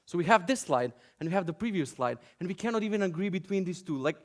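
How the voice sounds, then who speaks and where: A man's voice: high voice, animated, fast. A man from Macedonia giving a joking, sarcastic conference talk and ranting to a hall audience. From North Macedonia. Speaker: conference speaker.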